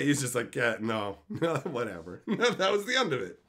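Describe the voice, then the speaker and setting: Animated, bright-voiced male streamer ranting. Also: mid-range voice, normal speed, few pauses. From Canada. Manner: loud, animated, frequent swearing and laughing. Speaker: streamer answering chat. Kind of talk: profane live-stream rant.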